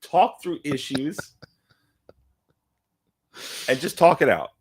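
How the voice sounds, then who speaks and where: A man co-hosting and producing a casual talk show, rambling and stopping often to clear his throat. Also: a little high, very animated, moderate pace. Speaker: co-host and producer. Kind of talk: casual chat.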